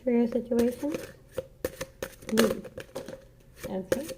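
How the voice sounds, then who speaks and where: Over a noisy background, a slightly high-voiced woman speaks slowly through a casual tarot reading. She's earnest and encouraging, echoing key phrases like a mantra, in a dull lo-fi home recording.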